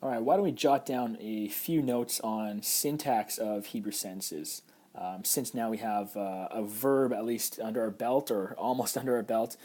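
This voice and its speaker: A man's voice: lowish voice, moderate pace, warm tone. A man teaching a recorded Hebrew grammar lecture, explaining patiently over slides with frequent fillers.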